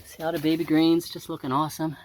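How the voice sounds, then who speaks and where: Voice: medium pitch, level tone, fast, slight background noise. Chatty gardener vlogging outdoors. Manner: chatty, thinks aloud, many ums. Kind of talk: casual chat to camera while working. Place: outdoor garden and hoop tunnel.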